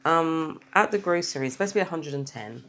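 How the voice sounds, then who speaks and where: Counting out cash as she talks, this tired, yawning woman from England rambles casually through her weekly budget for her vlog. She speaks fast in a low, expressive voice that's fairly bright, with vocal fry.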